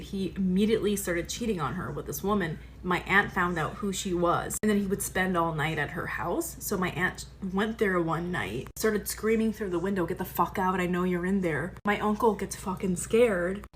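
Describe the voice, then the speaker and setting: A woman's voice: lowish voice, a little hiss or hum. Candid profane young woman comedian. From Korea heritage. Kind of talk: confessional storytelling to camera.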